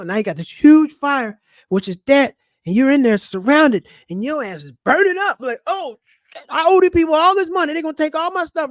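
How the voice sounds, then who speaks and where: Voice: medium pitch, no echo, studio quality. A personal finance vlogger talking casually to camera, loose and slangy, rambling with restarts and blunt asides. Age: young adult or older. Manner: rambling, with many restarts and acted quotes.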